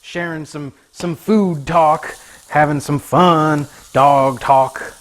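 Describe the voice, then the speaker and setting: This man's voice sits slightly high and sounds a bit bright, with fairly even intonation and a slow pace. He's running a laid-back cooking livestream from his home kitchen, goofing around and talking to his viewers and pets while he cooks. Food sizzles in a pan behind him.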